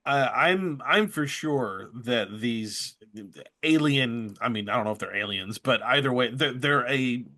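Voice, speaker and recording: A man who is a guest on a podcast, talking things through in a thoughtful, measured way with many small hesitations. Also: mid-range voice, animated, bright, forceful tone. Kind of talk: casual podcast discussion. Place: studio.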